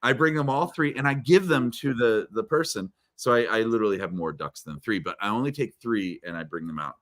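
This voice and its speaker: A man chatting as an interview guest, telling a story with lots of repeated words and sudden swings between loud and soft. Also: on the low side, a little fast. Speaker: guest speaker. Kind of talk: casual interview chat.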